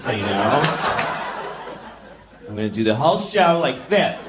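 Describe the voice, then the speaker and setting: A man's voice: medium pitch, big pitch swings, a little slow, pauses often, noisy background. A male stand-up comedian from Boston, talking in a dry, conversational, self-mocking way on a club stage. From Boston, USA. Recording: echoey club with crowd laughter.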